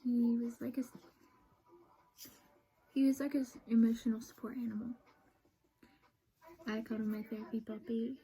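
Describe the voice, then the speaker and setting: A young woman telling a painful personal story in a soft, halting voice, sad and emotional, often sliding into a whisper. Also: a little high, level tone, slightly rough, poor audio.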